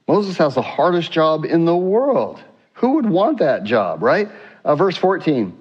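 Animated preaching man, dull recording. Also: on the high side, unhurried, breathy edge. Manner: animated, acts out scripture quotes with rising voice; rhetorical questions to the congregation. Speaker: pastor. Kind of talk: sermon.

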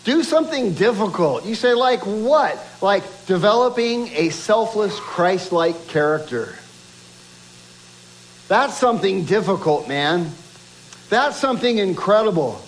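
High-voiced man preaching a sermon. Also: animated, a little slow, rough recording. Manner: preaching with rising emphasis and rhetorical questions; reads scripture aloud, drops low and quiet for quoted lines. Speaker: pastor.

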